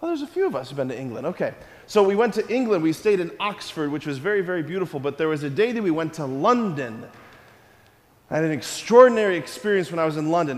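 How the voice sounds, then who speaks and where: Playful male priest preaching to a live crowd, high-pitched, in a hall with a long reverb. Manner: animated and playful, full of rhetorical questions. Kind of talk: sermon-style talk to a live audience.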